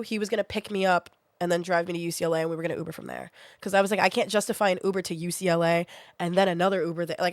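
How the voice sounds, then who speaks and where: A woman's voice: mid-range voice, dry recording, studio quality. A young woman streaming from her bedroom, telling a story to her chat in a casual, chatty way and acting out what she said back then. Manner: chatty, acts out her own past lines.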